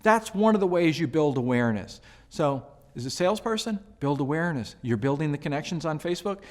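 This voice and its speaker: A man giving casual sales advice, chatty and animated, with jokes and asides to the viewer. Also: fairly high pitch, fairly quick. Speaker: sales coach. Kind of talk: casual advice talk to camera.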